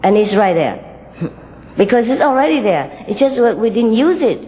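Warm-toned woman telling a fable. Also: fairly high pitch, very animated, moderate pace, in a large hall, a little hiss or hum, rough recording. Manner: gentle, laughs often, unpolished English grammar. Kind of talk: storytelling fable and spiritual talk.

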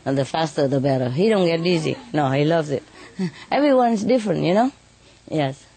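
Woman, lowish voice, chatty storyteller, laughs a lot, casual interview. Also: lively intonation, moderate pace, warm tone. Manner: chatty, laughs often, many "you know" tags. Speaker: bird keeper telling stories.

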